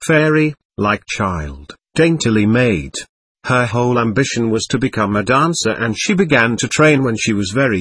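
Earnest male reader, measured and solemn; husky, lively pitch, dry sound. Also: dry recording. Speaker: narrator. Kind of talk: solemn reading of a spiritual text.

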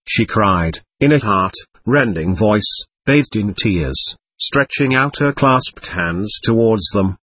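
A man narrating a classic novel as an audiobook reader, in an expressive, measured way. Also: fairly low pitch, slightly rough, dry recording.

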